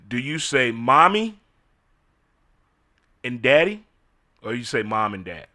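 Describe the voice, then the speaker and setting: Man, middle-aged, lively bright voice, casual solo commentary, incredulous questions. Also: mid-range voice, slow pace, long pauses. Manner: animated, incredulous rhetorical questions. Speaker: host.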